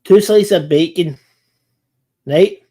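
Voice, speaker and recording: A man's voice: high-pitched, slow, warm tone, slightly rough. A British man hosting a casual chat, eager to jump in with his own comments and tips. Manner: chatty, eager interjections. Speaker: host.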